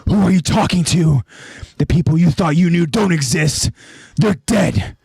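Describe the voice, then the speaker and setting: A man voicing a volatile, guilt-ridden young male soldier who shouts back in sarcastic defiance. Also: on the high side, normal speed, gravelly, slightly rough, dry recording, studio quality, pitched above the performer's own voice, exaggerated voice. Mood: defiant.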